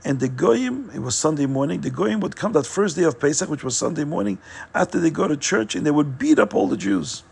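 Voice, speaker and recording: Gravelly, husky male storyteller. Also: fairly high pitch, sing-song, a little fast, darkish tone. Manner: earnest, repetitive retelling. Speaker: storyteller, podcast host. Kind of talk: religious storytelling.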